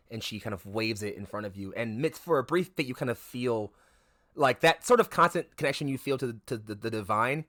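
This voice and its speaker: Guy running a dnd stream, lots of ums and restarts, mid pitch, dry close sound. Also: fairly bright tone, no echo. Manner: rambling, filler-heavy, self-correcting. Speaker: game master. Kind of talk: narrating a tabletop game stream.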